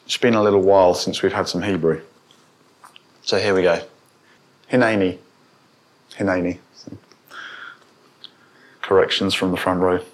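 Slow-speaking male preacher. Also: fairly even intonation. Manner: rises in pitch and volume when quoting, asks the congregation questions. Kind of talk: sermon.

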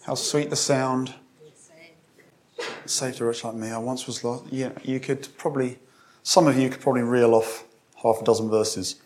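Speaking at normal speed, this preacher has a medium-pitched, slightly mellow voice with fairly even intonation. His sermon is conversational, with restarts and direct questions to the congregation. When he reads scripture aloud, he leans into it with emphasis.

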